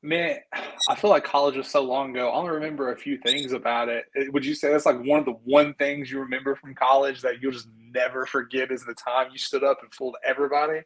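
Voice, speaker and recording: A man's voice: medium pitch, steady tone, fast talker, low-quality recording. A man, co-hosting a podcast and chatting casually, telling stories and acting out the quotes. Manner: chatty storyteller, acts out quotes. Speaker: podcast co-host. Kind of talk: casual chat.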